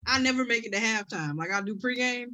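Bright-voiced woman laughing through stories. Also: fairly high pitch, fast. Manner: laughs often, animated storytelling. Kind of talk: casual chat.

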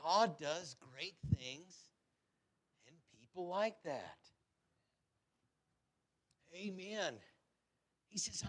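A middle-aged man preaching a sermon, fervent, swinging between loud exhortation and quiet asides. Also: sits high, animated, very slow, pauses often.

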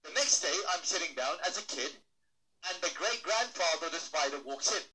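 A man with a bright, slightly high voice gives an animated stage talk to an audience. He teases the crowd, asks them questions, and acts out quick little voices to make his points. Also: low-quality recording. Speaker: motivational speaker.

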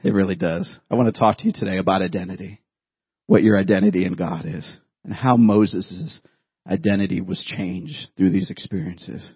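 Husky-voiced male pastor telling a story. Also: low-pitched, moderate pace, dry recording, lo-fi sound. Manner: animated storyteller, laughs at himself. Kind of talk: sermon with personal story.

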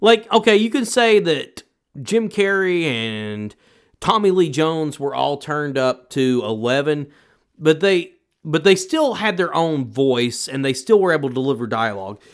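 A man co-hosting a casual movie podcast. His pitch sits a little high and swings widely as he argues his points. His delivery is emphatic and opinionated. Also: lively intonation, a little slow. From United States. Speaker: podcast co-host. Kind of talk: casual movie review chat.

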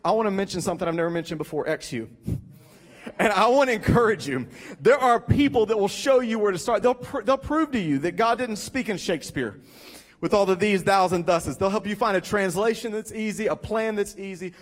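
High-voiced animated male pastor. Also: fairly quick. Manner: animated, joking storyteller. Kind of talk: sermon.

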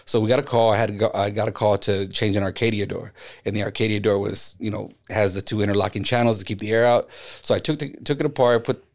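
Low-voiced man telling a story. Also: fast talker. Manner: animated storyteller who acts out quoted voices. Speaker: podcast guest, graffiti artist. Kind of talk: casual storytelling in conversation.

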